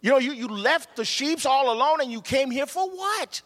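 Guy putting on an angry big brother, higher and louder, slow accusing words, long hall echo. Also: very animated, heavily acted. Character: angry scornful older brother, young man.

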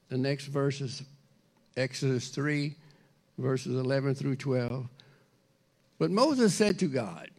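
A man preaching a sermon in a conversational, animated way, speaking directly to the congregation. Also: a little high, gravelly. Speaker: pastor.

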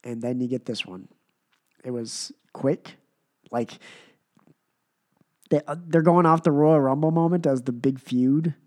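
A man's voice: medium pitch, unhurried, pauses often, darkish tone. A man hosting a wrestling podcast who sounds sick and short on voice, giving a rambling, emphatic reaction that builds through repetition. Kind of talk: casual reaction commentary.

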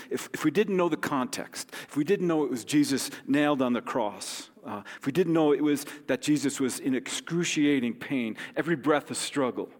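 A man preaching in a church sanctuary, his voice carrying a long hall reverb. He talks in an easygoing, conversational way with touches of humor. His pitch sits in an ordinary middle range. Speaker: pastor. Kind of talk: sermon.

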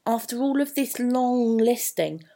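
A woman's voice: a little high, lively intonation, measured pace, dark tone. A woman teaching English poetry, chatty and thinking aloud with many asides. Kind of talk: poetry analysis lesson.

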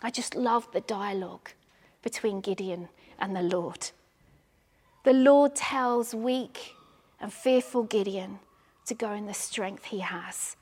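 A woman preaching a sermon in an earnest, repetitive cadence, at times sinking into hushed prayer. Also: medium pitch, takes it slowly, slightly rough. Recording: long hall reverb.

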